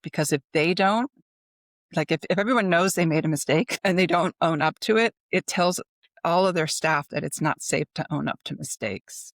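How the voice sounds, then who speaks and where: In a clean studio recording with no echo, a middle-aged woman speaks at a moderate pace in a fairly low voice. She is a business consultant appearing as a podcast guest, and the casual interview finds her chatty, heavy on fillers, and animated as she retells anecdotes.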